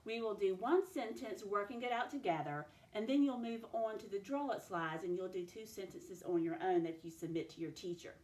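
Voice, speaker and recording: A woman teacher giving a recorded spelling dictation lesson, slowly sounding out each letter and sound. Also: medium pitch, a little mellow. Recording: echoey room.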